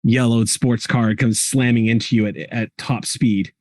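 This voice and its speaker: A man running a tabletop game as game master, describing the action vividly and pausing often with "um". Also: mid-range voice, fairly even intonation, darkish tone, no echo, clean studio sound. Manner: vivid descriptive narration with frequent ums.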